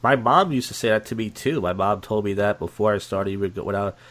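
A man's voice: lowish voice, brisk, fairly bright tone. A man talking candidly in casual conversation, rambling and repeating himself, blunt and profane.

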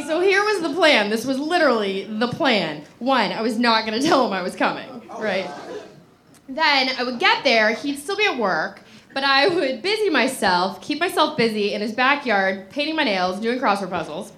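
A woman telling a funny personal story to a live audience in an animated, breathless way, often laughing as she acts out her own thoughts. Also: high voice, moderate pace, a faint crowd, slight background noise. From Los Angeles. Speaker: comedic storyteller.

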